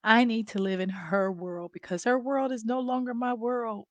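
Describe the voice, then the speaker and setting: A woman's voice: a little high, steady tone, moderate pace, no echo, dull audio. A middle-aged woman caregiver candidly telling viewers a personal story in a casual vlog. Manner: candid, conversational, addresses viewers as y'all. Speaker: family caregiver.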